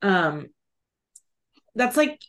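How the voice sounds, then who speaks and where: A woman's voice: medium pitch, very animated, drawn-out words, a bit bright. A woman co-hosting an educational podcast in casual chat, reading notes aloud with giggly asides. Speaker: podcast co-host.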